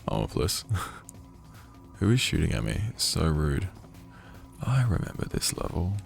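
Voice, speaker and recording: Very low, croaky-voiced male streamer. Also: very animated, a little slow. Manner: chatty, jokey asides to viewers. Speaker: game streamer. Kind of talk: casual gameplay livestream commentary. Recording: game music under voice. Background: game music.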